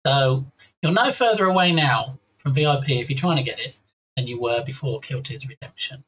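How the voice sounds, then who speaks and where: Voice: mid-range voice, normal speed, a bit bright, a little hiss or hum. A live-stream host chatting casually and playfully, reading out viewer names and thanking them one by one. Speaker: livestream host.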